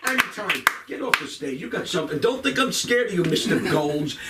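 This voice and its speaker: A man's voice: sits high, expressive, a little fast, far from the mic, very noisy. A man doing crowd-work stand-up on a club stage, rambling and profane as he teases people in the audience. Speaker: stand-up comedian.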